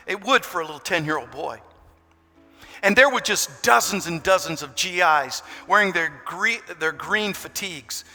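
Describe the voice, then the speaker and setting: Pastor in his sixties, high bright voice, preaching with big dynamic swings; long church reverb, soft music underneath. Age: 60s. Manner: dramatic swings from hushed to loud. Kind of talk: sermon.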